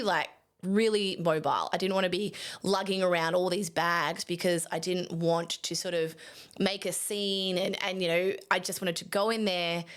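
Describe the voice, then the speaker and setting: A young adult woman photographer tells a story straight to camera in an easy, chatty way. Her voice sits a little low for a woman, and she keeps it animated, laughing at herself now and then.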